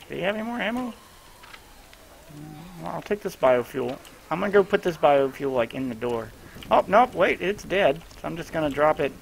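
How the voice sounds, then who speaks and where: Gravelly-voiced man chatting through a game. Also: mid-range voice, slight background noise, poor audio. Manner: loose, chatty, giving quick instructions. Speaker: gamer streaming his own play. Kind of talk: casual gameplay commentary to a teammate.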